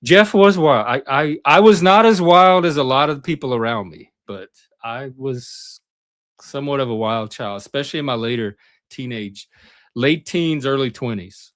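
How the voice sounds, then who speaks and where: Man, middle-aged, casual storyteller, animated, mid-pitched voice, acts out quotes. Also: moderate pace. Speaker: panelist.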